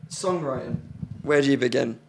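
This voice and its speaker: A man's voice: mid-range voice, normal speed, very noisy. A young man co-hosting a comedy show, bantering and singing song lines to a ukulele. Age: young adult. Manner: playful, sings lines to a ukulele. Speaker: co-host. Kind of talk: comedic banter while songwriting.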